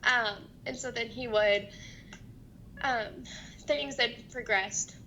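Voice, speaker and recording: Halting young woman with a gravelly voice. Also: a little high, bright, forceful tone, highs cut off, a little hiss or hum. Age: 20s. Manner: halting, hesitant, many restarts and fillers. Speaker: guest. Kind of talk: emotional personal testimony.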